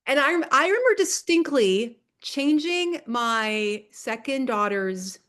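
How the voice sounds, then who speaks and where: High-voiced, chatty woman host in her fifties. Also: expressive, takes it slowly, a bit bright. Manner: laughs often, teasing and chatty. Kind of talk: casual interview chat.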